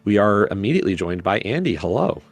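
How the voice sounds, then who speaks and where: Low-voiced male race commentator. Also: fast talker, no echo, soft background music. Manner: relaxed, chatty, asks players questions. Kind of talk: live esports commentary.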